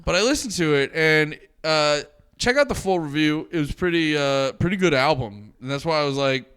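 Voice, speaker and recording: Man, podcast co-host, slightly high voice, teasing, jokey banter, studio mic. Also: lively intonation, a bit bright, smooth. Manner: joking, quick to tease, laughs often. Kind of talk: casual comedic podcast banter.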